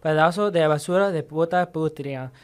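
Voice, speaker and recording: A man with a Spanish accent playing a hardworking diner cook who speaks in halting English and is short-tempered. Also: on the high side, smooth, lightly acted. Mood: angry.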